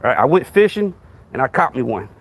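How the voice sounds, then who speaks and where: Confrontational Texan man with gravelly voice. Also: medium pitch, very animated, fairly quick, a little hiss or hum. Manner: confrontational, repetitive, rhetorical questions. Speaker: podcast host. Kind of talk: live stream talking to a commenter.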